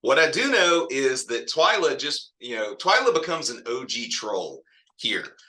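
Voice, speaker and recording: A man's voice: mid-range voice, big pitch swings, unhurried, pushed and bright. A man teaching a literature lesson in a casual, digressive way, often chuckling at the story. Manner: chatty, digressive, laughs often. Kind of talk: casual classroom lecture.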